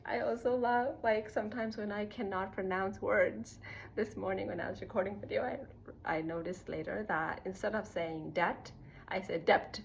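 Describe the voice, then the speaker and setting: A woman's voice: medium pitch, steady tone, moderate pace, gravelly, a little hiss or hum, low-quality recording. A young woman vlogging a casual personal monologue, rambling with lots of "like" fillers and laughing at herself. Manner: rambling, heavy use of "like" fillers.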